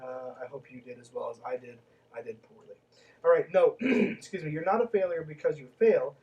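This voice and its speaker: A man's voice: on the high side, dark tone, recorded from a distance, poor audio. A man hosting a podcast, reading a book aloud and breaking off into snarky, sarcastic commentary with plenty of swearing.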